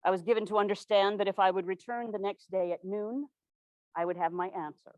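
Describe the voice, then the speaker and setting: A woman's voice: mid-range voice, darkish tone, no room sound, natural voice. A woman portraying an earnest 1860s governor's widow. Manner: formal, measured period diction. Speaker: living historian. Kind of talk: first-person historical portrayal.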